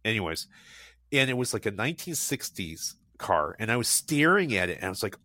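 A man's voice: fairly low pitch, big pitch swings, fairly quick, pushed and bright, dry recording. A man chatting casually as a guest, telling enthusiastic, rambling stories full of restarts and fillers. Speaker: guest recommending local car meets. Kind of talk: casual conversational storytelling.

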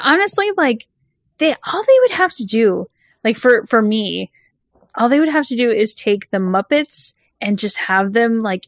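A woman's voice: medium pitch, no echo, clean studio sound. A woman from California co-hosting a casual chat, enthusiastic and full of "like" and "you know".

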